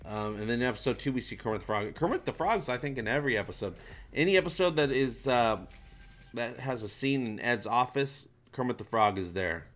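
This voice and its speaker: A male livestream host talks loosely and casually, reading viewer comments aloud and swearing now and then. His voice has a bright, forward tone. Faint music plays underneath. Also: mid-range voice, expressive, a little fast.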